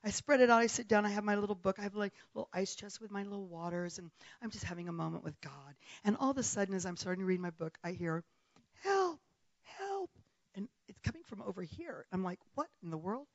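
A woman's voice: medium pitch, fast talker, no echo. Woman preacher telling a story, acts out the voices, kinda muffled dry recording. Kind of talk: testimony sermon.

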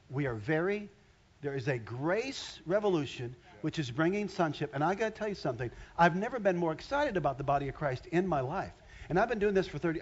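A man's voice: on the high side, slightly rough, muffled recording. An older man preaching a sermon in a conversational way, often rising into emphatic bursts. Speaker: pastor.

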